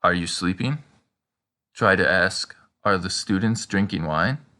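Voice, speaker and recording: A man teaching a scripted language lesson, prompting the listener with questions and slowing down for the example sentences. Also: sits low, bright, forceful tone.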